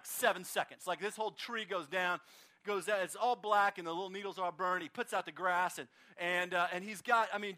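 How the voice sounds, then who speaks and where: Bright-voiced pastor telling a story outdoors. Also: male voice, high-pitched. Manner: animated, acts out voices in anecdotes. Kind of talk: storytelling sermon. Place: outdoor service in a park.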